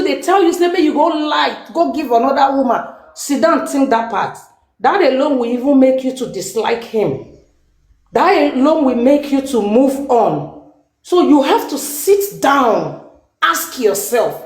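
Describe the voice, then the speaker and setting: A woman with a Nigerian Pidgin accent pleads earnestly, speaking like a caring older sister. Her voice sits a little high and rings around an echoey room. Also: animated, a little slow, a little mellow. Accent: Nigerian Pidgin English. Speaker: guest giving advice. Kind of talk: impassioned advice on a live stream.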